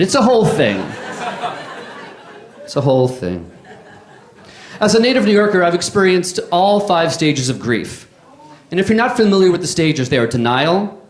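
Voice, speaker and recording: Deadpan New comic in a roomy club. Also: male voice, fairly high pitch. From New York. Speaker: stand-up comedian. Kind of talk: stand-up comedy set. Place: comedy club stage. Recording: echoey club with crowd. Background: audience laughter.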